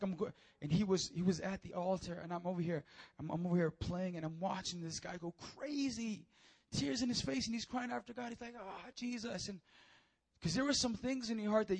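A young man preaching a sermon, telling a story with emotion and swelling to near shouts at the high points.

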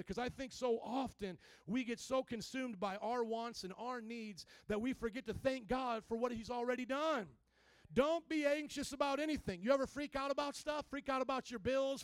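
High-voiced preacher man, dry close mic. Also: dry recording. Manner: call-and-response preaching, rising to near-shouts. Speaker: pastor. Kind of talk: sermon.

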